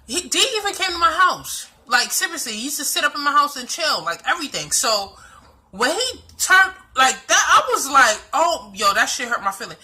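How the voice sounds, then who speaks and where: A woman's voice: sits high, very animated, normal speed, sharp tone. A young woman from the Bronx with a New York accent, telling a personal story to camera in a blunt, profane, slang-heavy way. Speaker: vlogger.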